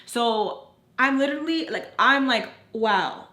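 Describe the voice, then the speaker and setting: A young woman, a beauty vlogger, tells a personal story in a casual, animated way, swearing freely and acting out what people said. Her voice is mid-range at a moderate pace, and the room sounds echoey.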